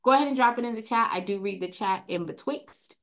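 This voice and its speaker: A woman with a Caribbean accent, raised in Brooklyn, hosting an online training session over a video call in a chatty, animated way and calling her audience y'all. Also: fairly high pitch, fast talker. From Caribbean, grew up in Brooklyn. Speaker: credit repair trainer hosting a group call.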